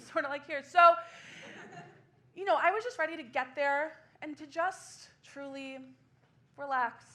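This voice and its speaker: A woman in her twenties performing a solo comedy show on a small theater stage, laughing through quick self-deprecating asides. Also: sits high, a bit bright. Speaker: stand-up comedian.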